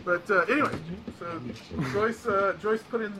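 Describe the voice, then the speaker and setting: A man with a fairly high voice tells a rambling story as a talk show guest. He laughs his way through the telling and swears casually, with the loose, animated energy of someone recounting a wild episode. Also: moderate pace, background noise.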